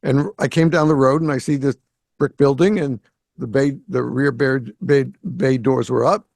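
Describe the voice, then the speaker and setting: A man's voice: mid-range voice, normal speed, creaky, no echo. A man from the Greater Boston area hosting a podcast, telling a story and acting out the quoted dialogue. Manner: animated storyteller who acts out quoted dialogue. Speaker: podcast host. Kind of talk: casual storytelling conversation. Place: home in South Florida.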